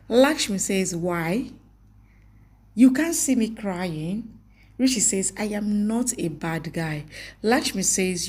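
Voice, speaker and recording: A woman's voice: on the low side, darkish tone. A woman reading a scripted recap of a TV series episode, with a plain reading of the dialogue as reported speech.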